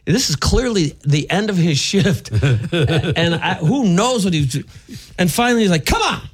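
A man's voice: high-pitched, a little slow, husky. A man hosting a radio morning show who tells a story in a casual way and acts out the people in it. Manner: animated, acts out the people in his stories.

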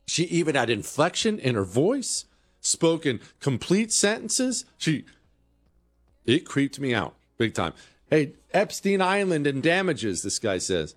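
A middle-aged man hosting a talk radio show, delivering an opinionated monologue full of sarcastic rhetorical questions. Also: medium pitch.

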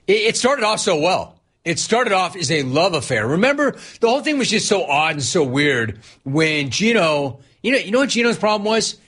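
Sarcastic, animated sports radio host. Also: male voice, high-pitched, moderate pace, few pauses, breathy edge. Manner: animated, sarcastic, reads listener messages. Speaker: sports talk show host.

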